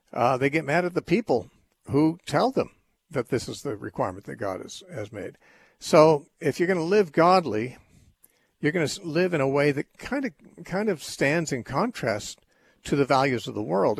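Gravelly husky male radio host. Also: mid-range voice. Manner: measured, explanatory, occasional restarts. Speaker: radio call-in host and Bible teacher. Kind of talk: call-in radio talk, teaching.

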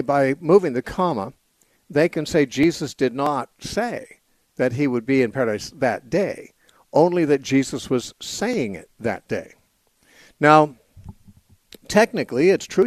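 A man teaching the Bible on call-in radio, working through each point slowly and patiently. His voice sits at an ordinary middle pitch. The studio sound is dry and close, with no room echo. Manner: measured, explanatory, with frequent "uh" pauses. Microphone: studio microphone.

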